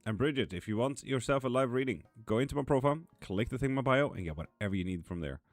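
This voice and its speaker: A man's voice: mid-range voice, animated, quick pace, dry recording, faint music behind. A man hosting a live tarot stream, chatting casually and bluntly as he answers viewers by name. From Sweden. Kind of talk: casual live-stream chat reading comments. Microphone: streaming mic.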